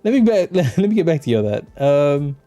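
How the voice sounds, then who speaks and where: A man's voice: fairly high pitch, very animated, brisk. A man streaming a detective video game, joking and laughing often while playing. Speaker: gaming streamer. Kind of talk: let's play commentary. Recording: soft music behind.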